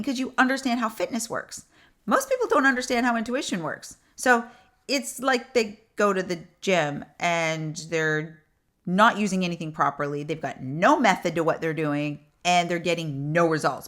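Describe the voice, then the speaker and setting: A middle-aged woman who coaches intuition, talking casually to camera and telling stories with animated, repeated emphasis. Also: medium pitch, moderate pace. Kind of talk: casual teaching talk.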